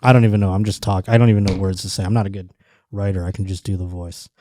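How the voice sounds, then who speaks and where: A man's voice: sits low, level tone, fast talker, dark tone, slight background noise. A man hosting a podcast in casual chat, profane, joking and rambling. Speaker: podcast host.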